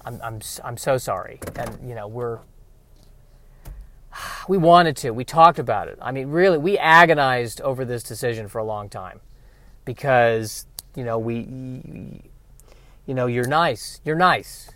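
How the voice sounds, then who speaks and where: A man's voice: medium pitch, a little slow, a bit bright, natural voice. A man voicing an alien who keeps apologizing as it turns someone down. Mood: apologetic. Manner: regretful, over-apologetic. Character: apologetic alien speaking for its group.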